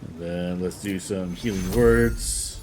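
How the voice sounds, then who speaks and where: A man's voice: low-pitched, slow pace, slight background noise. A man streaming a role-playing game, talking through his moves in a laid-back way over game music. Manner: laid-back, talks himself through each move. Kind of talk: let's-play commentary. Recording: game music loud behind voice.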